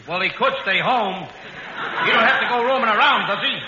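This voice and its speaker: An actor playing a naive, excitable comic sidekick who wisecracks in an old radio comedy. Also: male voice, extremely high pitch, brisk. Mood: wisecracking. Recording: dull old radio broadcast, noisy, echoey.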